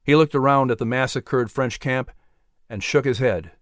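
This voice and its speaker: A man reads a historical story aloud in a measured, dramatic way, like a scripted audio book. His pitch is middle for a man. The recording is dry and close, with no room sound. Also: dry recording. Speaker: narrator.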